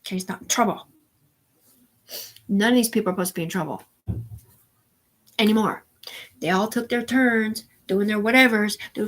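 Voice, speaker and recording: A woman's voice: mid-range voice, normal speed, pauses often, a bit bright. A woman hosting a live stream, talking in a rambling, profane monologue that jumps from topic to topic. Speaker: livestream host.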